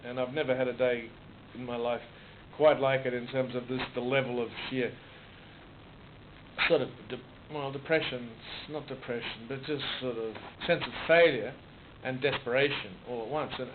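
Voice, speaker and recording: A man's voice: medium pitch, fairly even intonation. Aussie guy in his 60s rambling thoughtfully, keeps restarting, tinny muffled recording with hiss. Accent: Australian. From Australia. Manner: halting, with frequent restarts and repeated words. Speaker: author being interviewed. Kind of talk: reflective conversational storytelling. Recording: muffled phone-like recording with noise.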